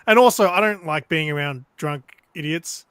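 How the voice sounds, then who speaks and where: A man's voice: on the high side, normal speed, clear, resonant tone, no echo. A man with an Australian accent telling stories animatedly as a guest on a casual livestream. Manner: animated storyteller. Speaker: guest on a stream panel. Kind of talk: casual chat on a video call.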